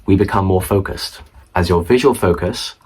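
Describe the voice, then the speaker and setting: Young man, low-pitched, breathy-husky, casual vlog explainer, chatty asides, indoor room. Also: moderate pace, a little mellow, low-quality recording. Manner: chatty, repeats points, asides to viewer. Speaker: student study vlogger. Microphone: camera mic facing viewer.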